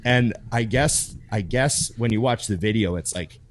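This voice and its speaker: Swearing, animated man. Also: on the low side, moderate pace. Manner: animated storyteller, swears freely. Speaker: podcast host. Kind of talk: casual podcast chat.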